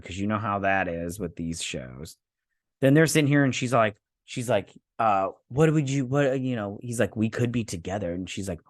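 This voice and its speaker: A man's voice: on the low side, no echo, clean studio sound. A man hosting a show review, recapping an episode in a rambling, sarcastic way with many fillers and restarts.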